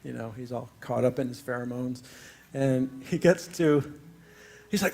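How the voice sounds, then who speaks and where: On a spiritual center's stage, a middle-aged singer-songwriter and spiritual teacher rambles through a story between songs, laughing often and using many fillers. His voice is fairly high and darkish in tone, with fairly even intonation at a moderate pace.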